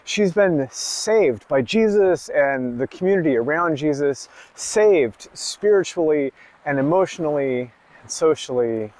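A man preaches slowly and deliberately, leaving room between his phrases. He prays and then reflects on his text for an online service, pushing hard on the words he wants to stress. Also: a little high, animated, darkish tone. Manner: reflective, emphatic in bursts. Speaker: pastor. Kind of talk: sermon and prayer.

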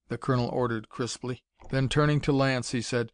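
A male narrator reading an adventure story at a steady, even pace. His voice sits in a middle pitch, recorded close and dry. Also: a little fast, hardly any pauses, clean tone, no room sound. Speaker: audiobook narrator. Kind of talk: scripted narration.

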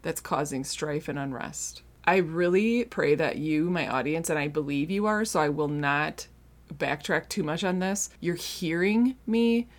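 Speaking a little slowly in a low voice, this middle-aged woman hosts a faith-based podcast and addresses her listeners earnestly, directly and conversationally. She is the podcast host as well as a marriage coach client.

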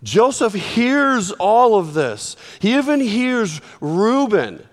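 A high-pitched male preacher tells a story with energy, swinging between soft and loud. His voice carries a long reverb, like a large church hall. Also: takes it slowly. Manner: animated storytelling with sudden swings in volume. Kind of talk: sermon.

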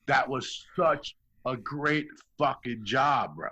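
A man's voice: mid-range voice, slow pace, pushed and bright, breathy edge, highs cut off. A man in casual chat, talking emphatically and swearing often. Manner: profane, emphatic.

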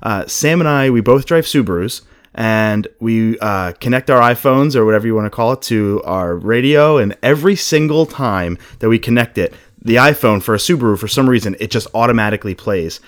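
A man's voice: medium pitch, a little fast. A man hosting a podcast, welcoming a guest in an upbeat, jokey way. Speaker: podcast host. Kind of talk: casual podcast chat.

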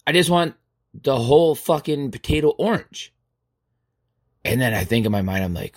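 A man in his thirties talking through a rambling podcast monologue at a middle pitch. He swears freely and sounds exasperated as he works through his thoughts. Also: expressive, moderate pace. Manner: profane, rambling, exasperated storytelling. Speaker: podcast host. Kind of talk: casual monologue.

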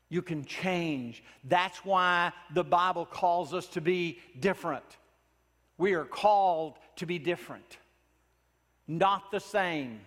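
A man preaching a sermon in a church, earnest and pleading, often dropping his voice to a hush for emphasis. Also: on the high side, big-room sound. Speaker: pastor.

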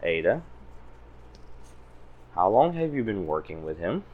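A man voicing a stern woman leader who is quick to anger and speaks in curt commands. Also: low-pitched, very animated, narrow, tinny audio, slight background noise. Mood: angry.

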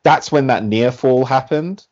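A man co-hosting a casual podcast, rambling and animated and full of fillers. His voice sits at a middling pitch for a man. The recording sounds muffled and lo-fi. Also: measured pace. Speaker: podcast co-host.

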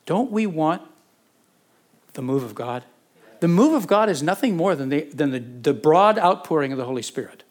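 Male pastor, sermon and prayer; slightly high voice, fervent, swells from quiet to urgent. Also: animated, moderate pace. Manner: repeats phrases for emphasis.

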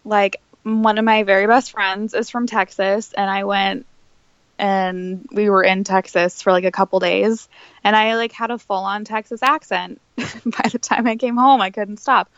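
A woman's voice: medium pitch, fairly even intonation, measured pace, no room sound. A woman joins a podcast as a guest, chatting easily and laughing often. Her audio sounds dry and a little muffled and lo-fi. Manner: giggly, easygoing. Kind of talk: casual chat.

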